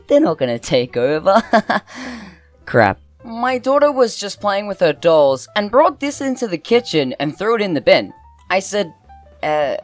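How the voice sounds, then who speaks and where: A woman hosting a channel, reading funny posts aloud with sarcastic commentary and big, exaggerated reactions, with faint music behind her. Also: mid-range voice. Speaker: host and narrator.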